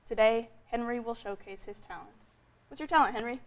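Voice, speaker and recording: A woman's voice: on the high side, fairly quick. A young woman hosting a college talk show, reading a prepared introduction of her guest. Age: young adult. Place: college TV studio.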